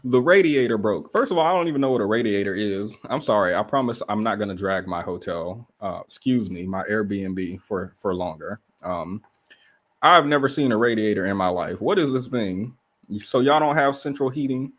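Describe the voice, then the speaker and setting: A man with a fairly low voice chats casually on a livestream from a rented room. He tells his stories in an animated way and keeps asking rhetorical questions. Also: normal speed. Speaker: livestream host.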